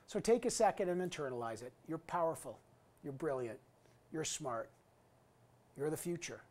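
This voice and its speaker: In this recorded commencement address, an alumni guest speaker in his fifties talks earnestly and emphatically. His voice is a little high and darkish in tone, animated but at a moderate pace.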